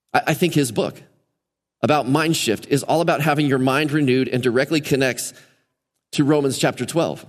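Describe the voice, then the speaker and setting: A pastor preaching a sermon to his congregation, animated, often acting out the voices of people in the scripture. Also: a little high. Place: church sanctuary. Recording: long church hall reverb.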